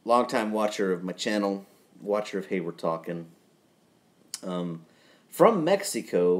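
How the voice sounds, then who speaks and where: A man hosts a casual live stream from his garage at night, his low voice unhurried as he rambles from one thought to the next. His pitch swings widely while he talks, and he drops in little chuckling asides. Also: lively intonation.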